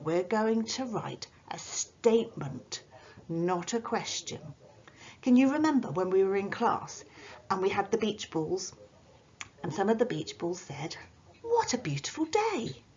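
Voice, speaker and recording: A woman teacher giving a recorded writing lesson to children at home, in a slow, sing-song delivery with a playful pirate voice now and then. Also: lowish voice, a little mellow, dull audio. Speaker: primary school teacher.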